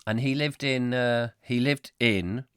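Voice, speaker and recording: A man's voice: medium pitch, a little slow, a bit bright, smooth, dry recording, clean studio sound. A man hosting a comic live chat show, rambling playfully through viewer comments with self-mocking asides. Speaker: host.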